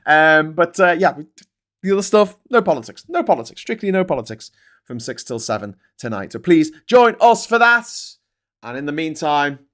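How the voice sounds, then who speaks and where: A man with a Scouse accent hosting a political livestream, talking in an excitable, sweary, rambling way. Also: on the high side, moderate pace. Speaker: livestream host. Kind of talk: casual political livestream chat.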